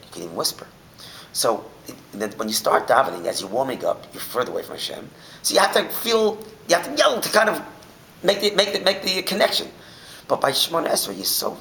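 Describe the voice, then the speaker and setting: A male rabbi teaching through stories, his pitch rising and falling widely as he goes from loud outbursts to hushed asides. His voice is gravelly and bright. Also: a little hiss or hum, low-quality recording. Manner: animated, swings from shouting to near whisper. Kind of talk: Torah class with storytelling.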